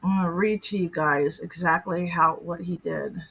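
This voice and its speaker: A woman talks bluntly on a livestream with a bright, forceful tone. She sounds indignant and drops casual swears. She is a decoy for a predator-catching group. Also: lowish voice, fairly even intonation, moderate pace, creaky, breathy edge, rough recording. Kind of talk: livestream commentary.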